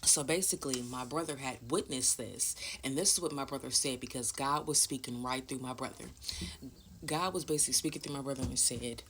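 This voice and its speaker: A woman's voice: extremely low pitch, fairly quick, fairly bright tone, slight background noise. A woman vlogger telling a personal story in a casual, blunt and emphatic way, swearing freely.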